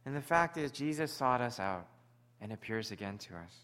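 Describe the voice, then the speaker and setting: Male preacher, conversational and earnest, bright, mid-pitched voice. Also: expressive, normal speed. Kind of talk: sermon.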